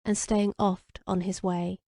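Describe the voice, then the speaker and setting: A woman narrating an old romance novel as an audiobook with an even, measured reading. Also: mid-range voice, no echo, clean studio sound.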